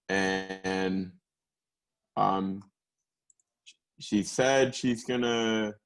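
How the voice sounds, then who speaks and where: Laughing, profane young man co-hosting. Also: fairly low pitch. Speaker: podcast co-host. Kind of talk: casual chat.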